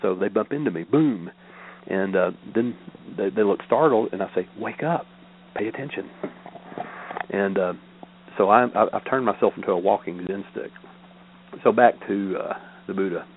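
An older man, a meditation teacher, reads scripture aloud in a measured, deliberate cadence and adds spoken commentary between passages. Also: on the low side, a little hiss or hum. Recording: narrow, tinny phone-like audio.

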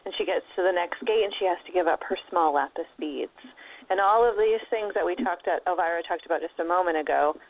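A woman's voice: on the low side, quick pace. A woman casually retelling an old myth, slipping into playful voices for the characters. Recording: tinny phone-line audio.

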